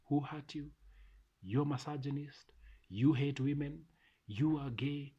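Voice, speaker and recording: A man's voice: fairly high pitch, expressive, normal speed, warm tone, husky, dull audio. A middle-aged man with a Kenyan accent, delivering an emphatic, repetitive opinion monologue to camera as a vlogger. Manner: ranting, emphatic, repeats phrases.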